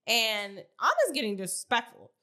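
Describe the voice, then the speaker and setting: A woman co-hosting a podcast, recapping a reality show in slangy, animated casual chat. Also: on the high side, normal speed. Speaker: podcast co-host.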